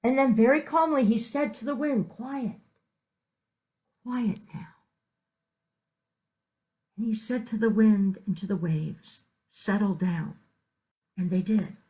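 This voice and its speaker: A woman minister in her fifties speaks slowly and unhurriedly, at an ordinary pitch for a woman. She gently tells a Bible story, then turns to easy, chatty asides with her congregation. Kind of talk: sermon.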